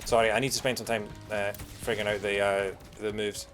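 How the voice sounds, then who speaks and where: A man's voice: on the low side, flat delivery, a little fast, fairly bright tone, soft background music. Chatty man streaming a game. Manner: chatty, rambling with many fillers. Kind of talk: casual live-stream commentary.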